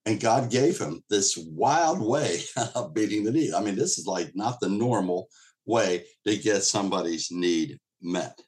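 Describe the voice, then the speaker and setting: A pastor teaching a Bible passage to an online group in a casual, conversational way, often repeating words and restarting phrases. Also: male voice, on the low side, lively intonation, measured pace, a little mellow. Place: streamed church teaching session.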